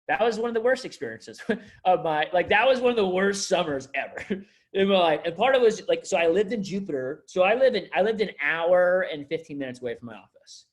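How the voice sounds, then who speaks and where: A man in his thirties, speaking as a manager to new staff in a meandering, story-driven way. He restarts sentences often and leans on fillers, with a voice that sits a little on the high side. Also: expressive, fairly quick. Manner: rambling, filler-heavy storytelling with frequent restarts. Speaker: district manager. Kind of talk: onboarding talk to staff.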